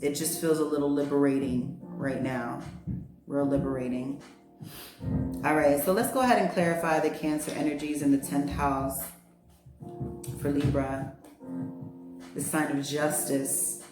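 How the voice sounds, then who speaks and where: A woman giving a casual spiritual astrology reading, chatty and heartfelt, with lots of fillers and slang. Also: deep voice. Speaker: astrology and tarot reader. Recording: roomy echo, faint music behind.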